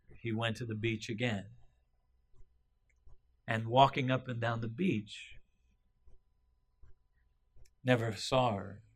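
A man retelling a story aloud, halting often with fillers and restarts. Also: mid-range voice, fairly bright tone.

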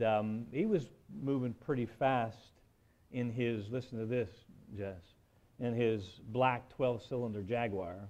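A man delivers a sermon in a relaxed, storytelling way, pausing with "um" and checking in with "right?". His voice sits in a middle pitch. The recording is a little dull and muffled. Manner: conversational storytelling, frequent "right?" and "um". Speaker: preacher.

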